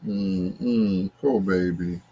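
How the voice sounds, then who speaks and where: A man's voice: low voice, drawn-out words, warm tone, muffled recording, a little hiss or hum. A man hosting a late-night love-songs radio show, chatting casually and greeting listeners by name. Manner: laid-back, chatty, talks to listeners by name.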